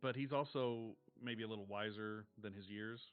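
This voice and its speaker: A man running a tabletop role-playing game as game master, narrating in a measured, descriptive way with casual swearing. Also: fairly low pitch, fairly even intonation, clean tone, no room sound. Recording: dull lo-fi stream audio with faint music.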